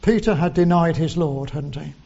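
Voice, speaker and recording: A man preaching a sermon, slow and deliberate, quoting scripture in old English. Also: on the high side, creaky, mellow, dull audio.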